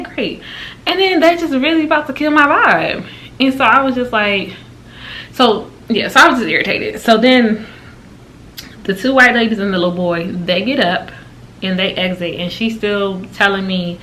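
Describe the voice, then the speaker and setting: Animated woman vlogger, bright voice. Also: slight background noise. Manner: animated and exasperated, with big pitch jumps when quoting. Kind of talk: casual storytime retelling.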